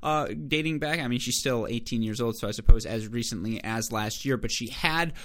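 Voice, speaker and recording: A man from Michigan hosting a sports betting show, running through tennis picks and records with lively energy and frequent self-corrections. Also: mid-range voice, fairly quick. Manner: energetic, stat-heavy, self-correcting delivery.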